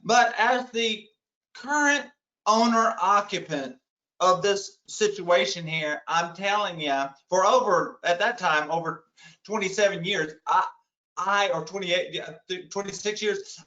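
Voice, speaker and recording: A keynote speaker with a high, bright, forceful voice tells his audience a humorous story at an unhurried pace, adding self-deprecating asides. The sound is roomy and lo-fi.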